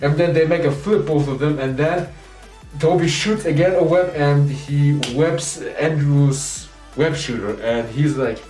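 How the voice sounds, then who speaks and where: A man excitedly retelling movie scenes in a rambling spoiler review, acting out the characters' lines as he goes. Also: a little high, unhurried. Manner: enthusiastic, rambling, acts out quoted lines. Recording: roomy echo, distant mic, faint music.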